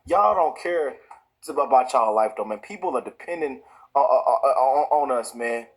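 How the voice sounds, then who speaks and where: A man's voice: mid-range voice, animated, measured pace, poor audio. A man, hosting his own show and ranting in heated, repetitive commentary full of restarts. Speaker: show host. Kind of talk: impassioned commentary.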